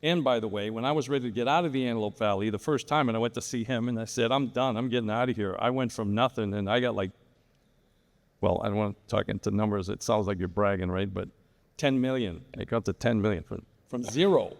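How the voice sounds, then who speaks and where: A man's voice: fairly low pitch, fast. A man on a live real estate panel, telling a long story with many restarts. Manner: rambling storyteller, frequent restarts. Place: large hall at a live event. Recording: reverberant hall sound.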